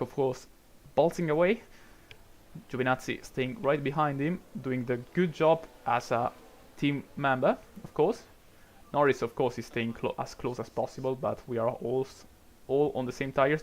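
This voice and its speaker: Italian-accented man chatting over a racing game. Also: medium pitch. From Italy. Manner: chatty, rambling, frequent restarts and little laughs. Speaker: game streamer. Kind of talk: casual live commentary of a racing game.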